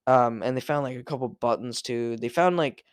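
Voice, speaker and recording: A young man talks through a solo podcast in a loose, rambling way. He swears freely and keeps restarting his sentences. His voice sits at an everyday middle pitch, and the recording is dry and close. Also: moderate pace, smooth, no echo. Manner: rambling, profane, with many restarts and fillers. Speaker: podcast host. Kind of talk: casual solo podcast rant.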